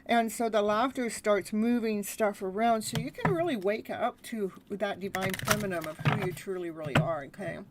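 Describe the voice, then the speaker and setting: A woman's voice: medium pitch, normal speed, few pauses, background noise. A woman giving a live tarot reading, chatty and laughing often as she talks. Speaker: tarot reader.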